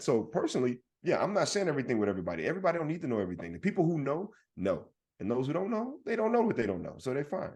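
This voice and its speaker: A man, a comedian co-hosting a podcast, talking in an animated, emphatic way and often checking for agreement. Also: fairly high pitch, very fast, few pauses, husky. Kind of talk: casual podcast chat.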